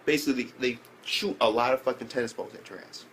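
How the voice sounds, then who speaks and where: A young man reviewing an anime episode in casual speech, slangy and profane, who keeps jumping up in pitch when he reacts. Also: quick pace, fairly bright tone, slight background noise.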